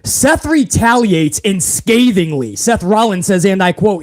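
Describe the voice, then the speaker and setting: A man from New England hosts a live wrestling review in a casual, excitable way, heavy on swearing and slang. His voice sits high and swings widely up and down. He talks like a fan chatting with friends. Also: measured pace, hardly any pauses.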